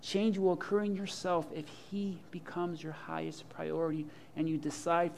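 A man preaching a sermon with humor and imagined dialogue, swinging from loud to hushed. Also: fairly high pitch, flat delivery, moderate pace, gravelly, few pauses, slight background noise. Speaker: pastor.

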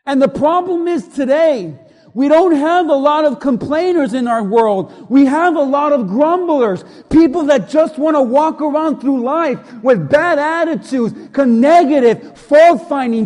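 Pastor, male, very high voice, emphatic sermon delivery, long church-hall reverb. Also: animated, a little slow. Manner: emphatic preaching, swinging from loud to hushed.

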